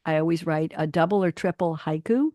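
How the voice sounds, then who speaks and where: Woman, radio host, casual chat, poetry reading, animated, dry studio sound. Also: brisk, no echo. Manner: animated, rising pitch on emphatic phrases.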